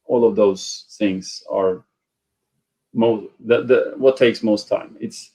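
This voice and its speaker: A man speaking on an online panel discussion, halting and restarting often, heard over a video call. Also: fairly low pitch, steady tone, mellow, poor audio. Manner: halting, many restarts and fillers.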